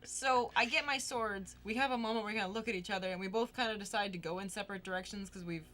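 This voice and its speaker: Woman co-host chatting about her weekend, bright voice, says like a lot, acts out quotes. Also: mid-range voice, fast talker, soft background music. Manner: animated, lots of "like" and quoted voices. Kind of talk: casual storytelling chat.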